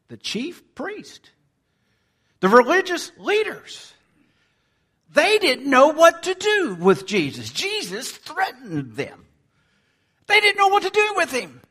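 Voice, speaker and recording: Animated, high-voiced man preaching a sermon. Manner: animated preaching, swinging from loud to near-whisper. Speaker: pastor.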